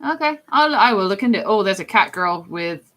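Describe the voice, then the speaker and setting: A young woman chatting casually on a live stream, giggly and self-deprecating, her pitch swinging widely as she answers viewers. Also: expressive, a little fast, a bit bright.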